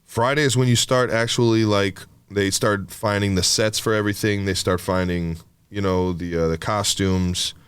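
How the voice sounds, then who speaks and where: A man's voice: lowish voice, steady tone, normal speed, clear, resonant tone, no echo. A man co-hosting a podcast, talking in a rambling, casual way full of fillers and swearing. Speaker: podcast co-host.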